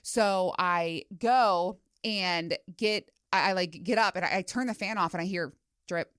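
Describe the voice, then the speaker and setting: Middle-aged woman podcast host, low-ish voice, dry close sound, chatty storyteller who swears and acts out asides. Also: measured pace, fairly bright tone, clear, resonant tone, no room sound. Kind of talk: casual solo podcast chat. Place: home studio.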